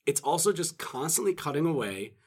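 A man's voice: fairly high pitch, sing-song, fairly quick, darkish tone. A man chatting casually as podcast co-host, rambling, swearing and acting out movie quotes. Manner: rambling, profane, acts out quotes. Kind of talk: casual chat.

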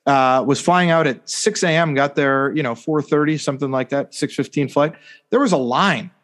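Guy on a sports podcast, kinda high voice, rambly and sarcastic, lots of um and you know. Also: normal speed, a bit bright. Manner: rambling, sarcastic, repeats "hypothetically" with mock emphasis. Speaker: podcast co-host. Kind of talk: casual sports chat.

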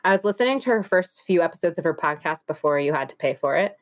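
A woman's voice: low-pitched, lively intonation, fast talker. A young woman in casual podcast chat, blunt and profane, often laughing.

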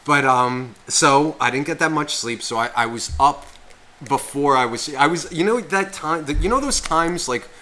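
A man's voice: a little high, normal speed, sharp tone. A man co-hosting a podcast, telling a rambling story in casual chat full of swearing. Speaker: podcast co-host.

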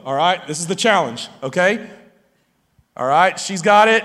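A man's voice: high voice, animated, normal speed, a bit bright. A man preaching a sermon as pastor, playful and talking straight to his audience. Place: large church hall. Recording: long hall reverb.

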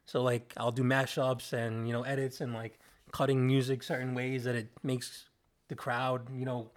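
A man working as a music producer and DJ, talking as a guest in a relaxed, rambling podcast chat. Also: mid-range voice, normal speed.

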